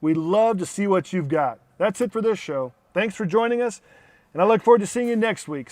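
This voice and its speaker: A man's voice: high-pitched, lively intonation, fairly quick, darkish tone. A man hosting a car show, laughing at his own flubbed lines and joking through the takes. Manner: jokey, laughing at own flubs. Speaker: host. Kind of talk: casual show hosting with bloopers.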